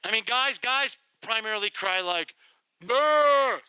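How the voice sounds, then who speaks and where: A middle-aged man telling a testimony to a youth group and praying, in an animated, comic, repetitive storytelling manner. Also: sits high, normal speed, dry recording, poor audio. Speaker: guest speaker to youth group.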